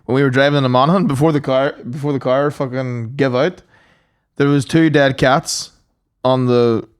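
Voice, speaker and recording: A man co-hosting a podcast, telling stories with swearing and quick impressions. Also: mid-range voice, fairly even intonation, clean tone, no room sound, studio quality. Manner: storytelling, swearing, mimics others. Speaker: podcast co-host. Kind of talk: casual banter.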